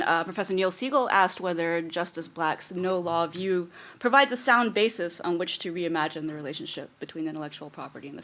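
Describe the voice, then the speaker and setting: A woman's voice: lowish voice, a bit bright. A middle-aged woman speaking at an academic conference, summing up the day in articulate prepared remarks with frequent ums. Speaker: conference organizer and closing speaker. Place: lecture hall.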